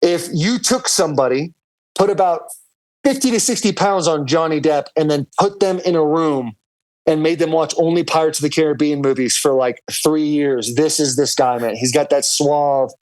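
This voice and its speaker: A man's voice: fairly high pitch, normal speed, darkish tone. A man co-hosting a podcast over a video call, talking loosely with lots of "like" and "dude". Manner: loose and rambling, full of "like" and "dude". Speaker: podcast co-host calling in from abroad. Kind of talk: casual chat.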